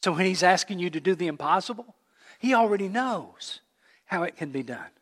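A male pastor preaching a sermon with animated storytelling. He asks the congregation rhetorical questions. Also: sits high, a little fast, big-room sound.

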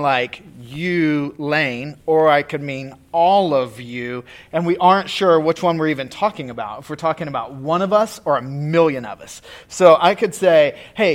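A man preaching a relaxed, conversational sermon, chatty and full of fillers and restarts. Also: a little high. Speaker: pastor.

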